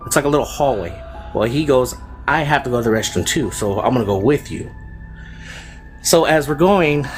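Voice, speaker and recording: A man telling a true ghost story in a casual, rambling way, full of fillers and slang. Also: medium pitch. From Fresno, California. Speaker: storyteller guest.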